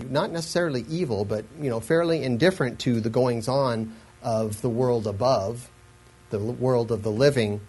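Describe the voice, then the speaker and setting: Husky-voiced man teaching Bible study. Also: mid-range voice, darkish tone, poor audio. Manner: earnest, explanatory, with frequent restarts and asides. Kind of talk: sermon-style Bible teaching.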